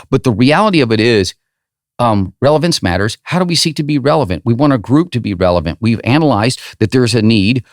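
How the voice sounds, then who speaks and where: A man's voice: lowish voice, no echo, clean studio sound. A middle-aged man hosting a podcast as a running coach, giving an emphatic, rambling motivational monologue full of tag questions like "right?".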